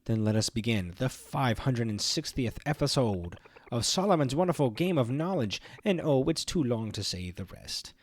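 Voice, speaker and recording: A man's voice: medium pitch, big pitch swings, moderate pace. A man voicing a long-winded, theatrical male game-show villain while reading game dialogue aloud, in a grandiose, teasing announcer manner.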